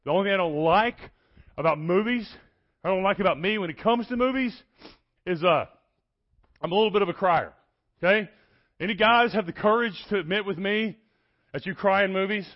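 Texan male preacher, middle-aged, high-pitched, animated and folksy, slightly dull lo-fi sound. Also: a little fast, long pauses. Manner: folksy, animated, joking with the crowd. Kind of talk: energetic sermon. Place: church.

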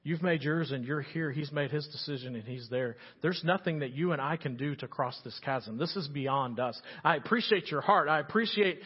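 A man voicing a calm, fatherly old patriarch who speaks gently but firmly. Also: on the high side, normal speed, hardly any pauses, breathy edge, big-room sound, dull audio.

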